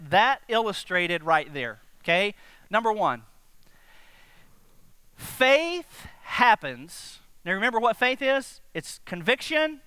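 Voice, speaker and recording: A man preaching a sermon to his congregation, animated and direct, often asking them questions. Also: high-pitched, smooth, no room sound. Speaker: pastor.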